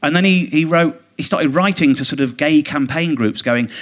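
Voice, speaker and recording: Indignant male comedian telling a story. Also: a little high. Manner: rambling, indignant storytelling with quick mimicked quotes. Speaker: comedian guest. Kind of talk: casual anecdote in a live podcast interview. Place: theatre stage.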